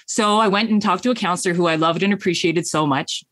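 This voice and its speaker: A woman's voice: lowish voice, quick pace, few pauses, dry recording, clean studio sound. A middle-aged woman, a business coach, telling a personal story in an interview in an earnest, heartfelt way and acting out her own past thoughts.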